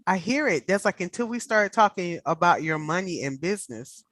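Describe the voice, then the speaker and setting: A woman with a Southern US accent, hosting a casual video call chat, animated and quick to laugh. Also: on the low side, no echo. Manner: animated, laughs often, storyteller. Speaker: host.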